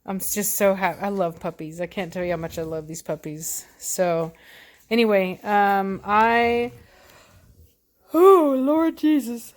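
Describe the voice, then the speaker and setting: A woman's voice: medium pitch, normal speed. Chatty woman. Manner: rambling, chatty storyteller. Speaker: dog breeder. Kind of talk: casual vlog chat. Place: home indoors with puppies.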